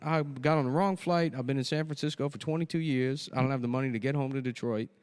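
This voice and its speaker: A man putting on a high, drawling voice for a pushy male angel investor who offers prayers instead of money. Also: quick pace, a little mellow, clean tone, natural voice. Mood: rambling.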